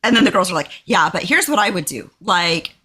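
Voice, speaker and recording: Her voice is lowish and husky, and she talks a little fast. This woman from Texas co-hosts a podcast, telling a casual story and animatedly performing quoted lines in a raised voice.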